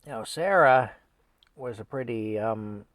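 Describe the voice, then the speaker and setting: A man's voice: medium pitch, slow pace, a bit bright, no echo, poor audio. An older man telling a family story in a rambling, folksy way, often chuckling.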